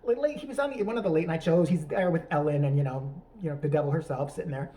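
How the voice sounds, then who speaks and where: A man's voice: a little high, fast, dark tone, rough recording. A man hosting a profane comedic rant, crude, sarcastic and rambling. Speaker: YouTube commentator.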